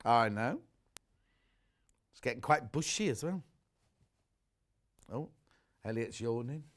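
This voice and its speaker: A man presenting on a live shopping channel, chatting warmly about fabrics and reading out viewer messages. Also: medium pitch, lively intonation, takes it slowly. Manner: chatty, gushing over products, reads viewer messages aloud. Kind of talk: live TV sales chat. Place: TV studio.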